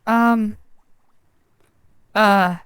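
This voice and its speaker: A woman's voice: medium pitch, steady tone, drawn-out words, a bit bright, clear, resonant tone, no echo, low-quality recording. A woman streamer chatting casually and rambling over gameplay, self-deprecating. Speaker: game streamer.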